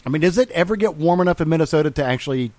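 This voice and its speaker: A man co-hosting a casual podcast, joking and firing off quick questions. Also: fairly high pitch, lively intonation, background noise. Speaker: podcast co-host. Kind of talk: casual chat.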